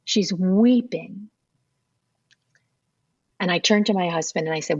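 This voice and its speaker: A woman's voice: on the low side, unhurried, darkish tone, dry recording, lo-fi sound. A middle-aged woman, a podcast guest, telling her conversion story in earnest and acting out remembered dialogue. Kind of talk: personal storytelling interview.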